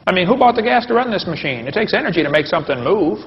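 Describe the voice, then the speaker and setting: Speaking very fast with few pauses, a high-voiced, very animated man gives a joking, folksy live lecture on creation science, firing questions at the audience. The lo-fi recording sounds dull and carries a long hall reverb.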